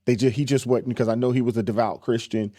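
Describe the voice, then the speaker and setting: Man, reaction host, emphatic, repetitive, dark warm tone, dry sound. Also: medium pitch, fairly even intonation, quick pace, no echo. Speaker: commentary channel host. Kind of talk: reaction commentary.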